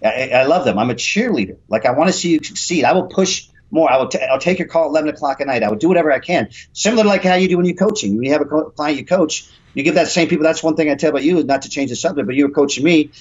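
A man in his fifties talks quickly, rambling and profane with a blunt edge. His voice is husky and a little raspy. The recording sounds dull and lo-fi. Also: on the high side, lively intonation. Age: 50s. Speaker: gym owner and personal trainer. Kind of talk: casual podcast interview talk.

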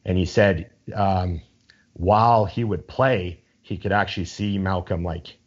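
A man with a fairly low voice talks in loose, rambling casual chat. He is enthusiastic and swears freely. The recording sounds dull and lo-fi. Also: fairly even intonation, unhurried.

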